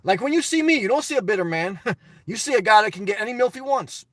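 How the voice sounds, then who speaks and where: A man's voice: sits high, animated, fast, a bit bright, no echo. A man casually reading viewer comments and answering them bluntly, rambling with restarts. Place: lives in his car.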